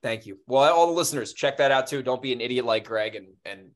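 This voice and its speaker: A man co-hosting a podcast, telling stories in casual chat with animated, profane energy. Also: medium pitch, fast talker. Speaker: podcast co-host.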